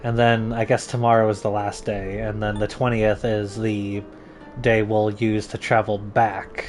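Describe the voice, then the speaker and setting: A man's voice: fairly low pitch, level tone, unhurried, darkish tone. Young guy, casual gaming commentary, jokey and chatty, light game music under. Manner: chatty, joking, reads game text aloud. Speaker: streamer. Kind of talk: casual let's-play commentary.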